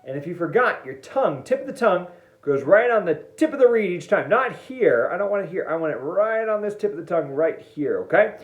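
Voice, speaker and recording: A man's voice: sits high, big pitch swings, a little fast. A man teaching an online music lesson, playful and jokey as he demonstrates each step. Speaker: band teacher. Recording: echoey room, dull lo-fi sound.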